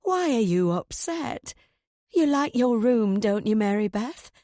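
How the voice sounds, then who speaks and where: A woman's voice: a little high, sing-song, unhurried, warm tone, no room sound, studio quality. A woman voicing an older landlady, speaking in a coaxing, motherly way. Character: older landlady, sweetly smiling, unsettling.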